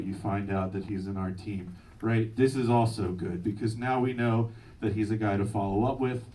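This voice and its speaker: A young man doing a stand-up comedy set with a punchy, energetic delivery, laughing along. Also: fairly low pitch. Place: live venue with audience. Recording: distant mic, noisy live room.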